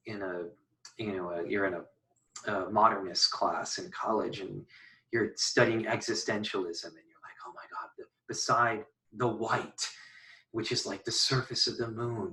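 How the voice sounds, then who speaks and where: A man giving a recorded poetry lesson, thinking aloud in a casual, halting way with many fillers and restarts. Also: lowish voice, fairly bright tone, distant mic, low-quality recording. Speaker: poetry teacher. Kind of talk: recorded online lecture.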